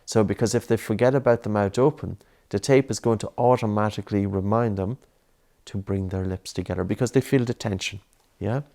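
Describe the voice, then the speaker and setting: A man coaching a child through breathing drills, with a voice that sits on the low side. He is patient and encouraging, and he keeps up a steady run of soft, repeated prompts. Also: a little fast.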